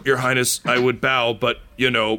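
A man's voice: medium pitch, little pitch movement, moderate pace, background noise, pitched above the performer's own voice, natural voice. A man voicing a dying, massive, crude but loyal man who swears while gasping out urgent warnings. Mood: dying urgency.

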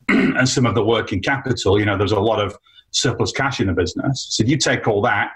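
A man, an entrepreneur guest, telling an animated story about his career in a casual, chatty way with frequent fillers. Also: fairly low pitch, rough recording. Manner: animated anecdote with many fillers.

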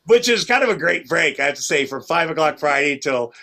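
A man's voice: on the high side, expressive, a little fast, vocal fry, sharp tone. Rambling middle-aged man telling stories. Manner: rambling, restarts often, acts out quoted lines. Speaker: podcast guest. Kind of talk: casual storytelling chat.

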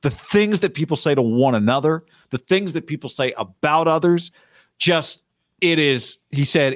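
A man's voice: mid-range voice, expressive, fairly quick, no room sound, clean studio sound. A man co-hosting a casual football podcast, telling stories loosely and acting out what coaches say. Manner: loose storytelling, acts out coaches' quotes. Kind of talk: casual sports chat.

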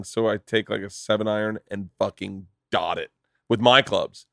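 A man's voice: on the low side, normal speed, vocal fry, fairly bright tone, no room sound, clean studio sound. A man hosting a casual podcast chat, telling loose, profane stories. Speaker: podcast host.

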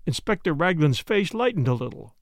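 A man reading a classic mystery novel aloud in measured, scripted narration. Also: on the high side, sing-song, no echo, clean studio sound. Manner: measured storytelling. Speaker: audiobook narrator.

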